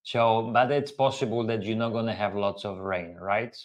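A man's voice: fairly low pitch, steady tone, moderate pace. A man hosting a casual live Q&A, talking earnestly and repeating key phrases for emphasis. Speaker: host.

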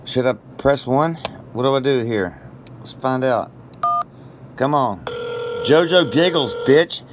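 A man's voice: medium pitch, background noise. Profane man rambling nonsense on prank calls. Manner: crude, profane, deliberately absurd rambling. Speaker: prank caller baiting scammers. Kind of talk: casual phone prank banter.

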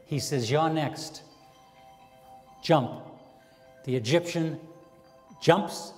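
A man's voice: on the high side, a little mellow. A man telling stand-up jokes, spinning stories with quoted character voices and chatty asides. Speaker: stand-up comedian. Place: community access TV stage, live audience. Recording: long hall reverb.

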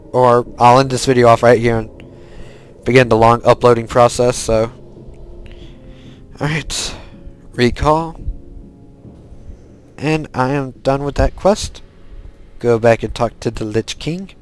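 A man's voice: mid-range voice, clean tone, low-quality recording. A man giving casual, rambling let's-play commentary while he plays, often restarting his sentences. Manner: rambling, self-correcting, chatty. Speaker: gaming video host.

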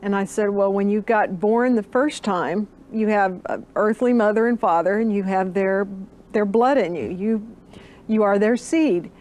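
A woman's voice: mid-range voice, unhurried, a little mellow. An older woman, an interview guest, earnestly recounting a personal story and acting out the dialogue she remembers.

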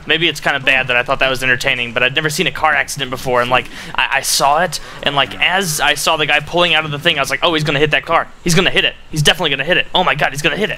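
A young man chats loosely while he plays, his voice sharp and bright, looping through "like" and half-finished thoughts. Faint game sounds hum underneath his desk-mic recording. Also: mid-range voice. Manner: rambling, filler-heavy storytelling. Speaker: gaming commentator. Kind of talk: casual gameplay commentary.

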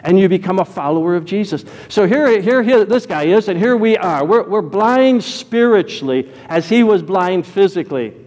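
Man preaching in a church, lively voice, bit high for a guy, long hall echo. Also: moderate pace, hardly any pauses. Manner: animated, shifts between loud exclamations and low asides. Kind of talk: sermon.

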